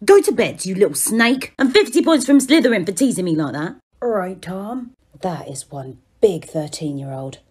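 A woman performing a comedy parody sketch, switching quickly between exaggerated characters. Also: mid-range voice, big pitch swings, a little mellow, slightly rough. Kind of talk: parody sketch acting many roles.

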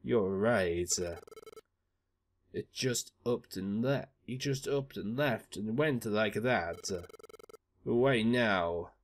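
A man doing a deep, grave old Pokémon. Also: slow pace. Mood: sombre. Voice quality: low, hushed delivery.

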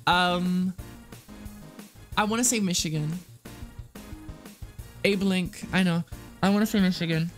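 An excitable streamer chatting through a game, quick to laugh and swear. Faint music plays under the voice. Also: medium pitch. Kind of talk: live game streaming chat.

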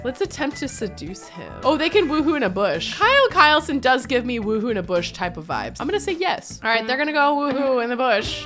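A young American woman chats excitably through a let's-play, talking straight to her viewers. Her voice sits high and bright, and it leaps up and down. Faint game music plays underneath. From United States. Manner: bubbly, excitable, chatty asides to viewers. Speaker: gaming YouTuber. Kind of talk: casual let's-play commentary.

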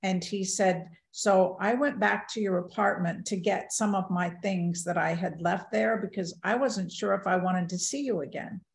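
A woman's voice: medium pitch, moderate pace, gravelly, few pauses. An older woman giving a talk, earnestly telling a personal story and acting out the dialogue. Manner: earnest, quotes dialogue in a lively retelling. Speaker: guest speaker. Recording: echoey room.

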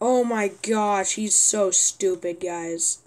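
A young woman commenting on her own gameplay, often exasperated and yelling at a teammate. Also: medium pitch, takes it slowly, noisy background. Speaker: gaming youtuber.

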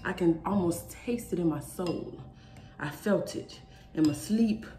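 A woman's voice: fairly low pitch, measured pace, warm tone, faint music behind. A young woman hosting a mukbang vlog, talking straight to her viewers in a sassy, emphatic way. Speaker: mukbang vlogger. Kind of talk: casual chat to camera. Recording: echoey room with faint noise.

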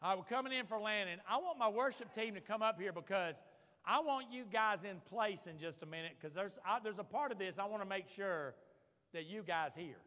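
A man's voice: high-pitched, fairly quick, pushed and bright. A man preaching a sermon as pastor, fervent, calling out for amens from the congregation. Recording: long reverb of a large hall.

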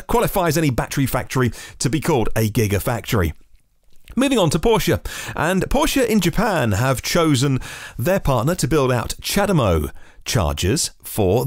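A man's voice: mid-range voice, dry recording, studio quality. A man hosting a daily news podcast, reading stories and adding chatty casual asides. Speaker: podcast host.

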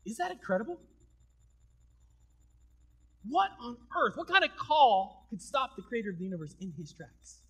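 A male pastor delivers a sermon in a fairly high, slightly husky voice. He preaches in a relaxed, conversational way. He swings from loud, emphatic bursts to quiet, intense stretches. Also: a little fast.

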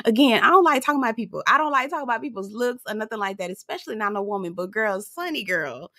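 A sassy woman dishes on a reality show in a casual recap, laughing as she talks and calling her listener girl. Her voice is bright and swoops around a lot. The sound is dry and close. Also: a little high, lively intonation, quick pace, no echo. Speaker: TV recap host.

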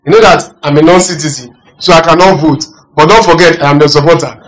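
A man preaching a sermon, asking the congregation "are you getting me" and swinging between loud emphasis and quiet asides. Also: fairly high pitch, brisk, low-quality recording. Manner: animated preaching with call-and-response questions. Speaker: pastor.

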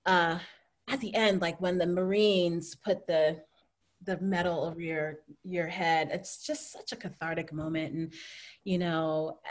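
A middle-aged woman telling her story as a guest in a casual interview, lively and laughing often as she acts out what people said. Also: fairly low pitch, measured pace. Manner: animated, laughs often, acts out quoted voices.

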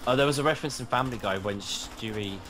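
A man's voice: medium pitch, quick pace, fairly bright tone, slight background noise. A man with a mixed British accent chatting and giggling while playing a game with a friend. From Britain. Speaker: gamer co-host. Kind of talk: casual gaming chat.

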